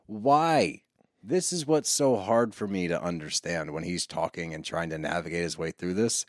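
A man hosting a casual reality-TV recap podcast, talking in an animated, sarcastic way and swearing freely. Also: sits low, moderate pace, no room sound, clean studio sound. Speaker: podcast host.

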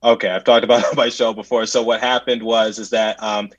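A man's voice: fairly low pitch, fairly quick, no echo. Casual: young guy rambling through a story, stops and restarts, plain dry lo-fi mic. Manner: animated, stumbling restarts, acts out quotes loudly. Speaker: podcast host and play-by-play announcer. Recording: dry, slightly muffled lo-fi audio.

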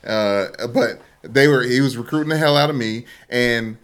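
A man's voice: mid-range voice, normal speed, a bit bright. A man in his thirties with a mid-range voice co-hosts a sports podcast. He jokes and rambles, stuttering as he restarts his sentences. He tells stories like a former player. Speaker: podcast co-host, former football recruit. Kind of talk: casual podcast chat.

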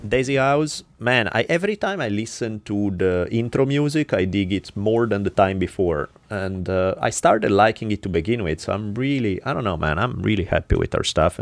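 A man's voice: lowish voice, animated, normal speed, dry recording. A man with an Italian accent hosting a podcast, reading sponsors and donor names in a loose, joking way. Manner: loose, joking, swears, stumbles over names. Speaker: podcast host. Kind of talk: casual podcast chat and sponsor reads.

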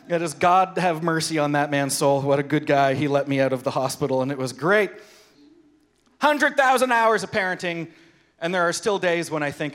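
A man, a pastor preaching a sermon, telling personal stories in an animated, self-deprecating way. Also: on the high side, normal speed.

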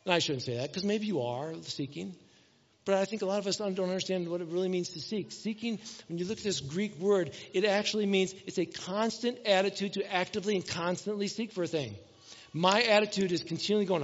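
A man's voice: sits high, a little fast. A middle-aged man preaches a sermon in a casual, conversational way. He keeps asking the congregation questions and acts out little household scenes. The recording is dull and muffled. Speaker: pastor. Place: church hall. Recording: dull sound with long hall reverb.

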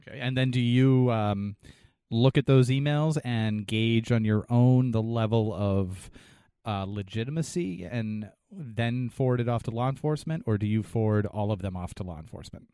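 A man's voice: medium pitch, normal speed, warm tone, smooth, no room sound, clean studio sound. A man co-hosting a podcast, asking earnest, rambling questions in casual chat. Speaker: podcast co-host.

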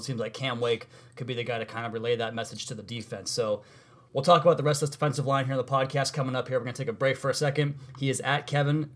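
Male podcast host, rapid casual delivery, chatty sports talk. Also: medium pitch. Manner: fast, conversational, self-correcting.

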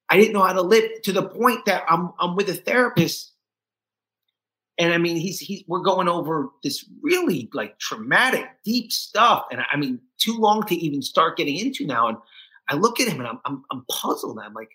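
A middle-aged man guesting on a podcast, with a bright, forceful voice. He tells his story with emotional restarts and often mimics the people he quotes. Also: high-pitched, expressive, normal speed, low-quality recording. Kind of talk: candid interview storytelling.

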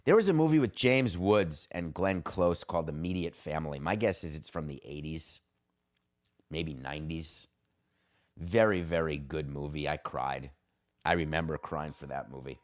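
A man hosting a podcast, telling a story in an animated, rambling way with excited asides. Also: rumbling low, moderate pace. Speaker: podcast host. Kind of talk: casual chat.

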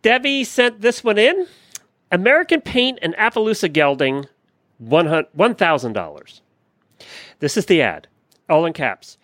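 A chatty podcast co-host with a lively voice that jumps around in pitch and laughs easily. The sound is close and dry, with no room around it. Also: unhurried, long pauses, no echo. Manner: laughs often, chatty and loose. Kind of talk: casual chat.

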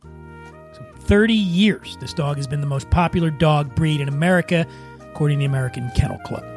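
High-voiced teasing quizmaster man. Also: fairly quick, soft background music. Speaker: host. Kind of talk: casual drinking-game chat.

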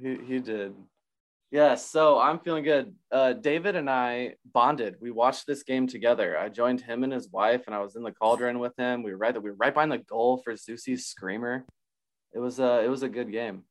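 A man co-hosting a casual sports podcast, excitable and quick to laugh. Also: medium pitch. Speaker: podcast co-host.

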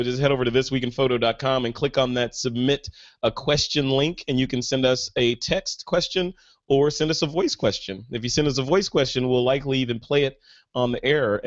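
A man's voice: mid-range voice, lo-fi sound. A man hosting a podcast, chatting casually and with enthusiasm, with lots of fillers. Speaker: podcast host. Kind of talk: casual chat.

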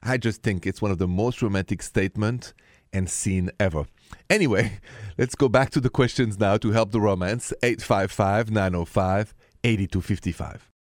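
A man's voice: fairly low pitch, dry recording, clean studio sound. French-accented man hosting late-night radio. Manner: warm-hearted, chatty, repeats the phone number slowly. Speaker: radio host.

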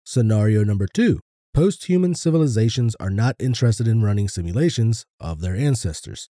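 Laid-back man with a dark voice. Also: fairly low pitch, expressive, fairly quick, no echo, studio quality. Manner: laid-back, swears casually. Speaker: podcast co-host. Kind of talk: casual podcast chat.

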